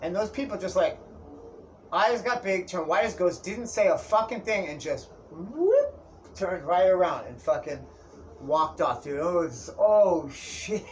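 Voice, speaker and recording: A young man with a somewhat high voice tells a rambling comic story, swearing freely and calling his listener dude and bro. A faint hiss of room noise sits under him. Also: sing-song, a little slow. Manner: profane, slangy, keeps saying dude and bro. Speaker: vlogger. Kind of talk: casual comedic storytelling. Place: indoors, Tijuana area.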